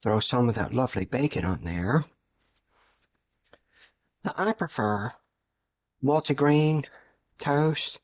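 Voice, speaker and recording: A middle-aged man with a Southern US drawl hosts a relaxed cooking demonstration. He talks in a folksy, chatty way, sharing kitchen tips at an everyday pitch for a man. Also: slow, pauses often. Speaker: cooking channel host.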